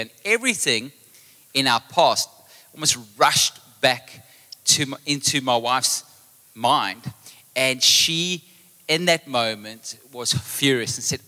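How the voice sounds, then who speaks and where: Pastor preaching in reverberant hall. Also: male voice, mid-range voice. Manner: storytelling, animated retelling of conversations. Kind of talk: live sermon. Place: church hall.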